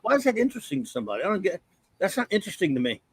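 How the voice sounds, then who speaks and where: A man's voice: high voice, big pitch swings, rapid-fire, husky, dry recording. A man co-hosting a casual comic book chat, blunt and opinionated. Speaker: podcast co-host.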